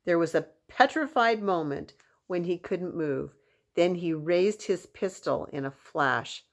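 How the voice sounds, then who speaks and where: Expressive children's book reader, woman, lower-pitched voice. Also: unhurried. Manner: expressive storytelling. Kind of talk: reading a children's novel aloud.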